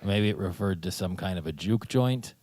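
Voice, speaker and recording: Low-voiced man cracking dry jokes. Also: normal speed, a little mellow, no room sound. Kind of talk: casual chat.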